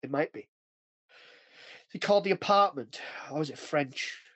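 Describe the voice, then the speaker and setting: A man's voice: on the high side, normal speed, a bit bright, breathy edge, dry recording. A man hosting a podcast in casual chat, rambling and chatty, often restarting sentences. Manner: rambling, chatty, often breaks into acted quotes. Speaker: podcast host.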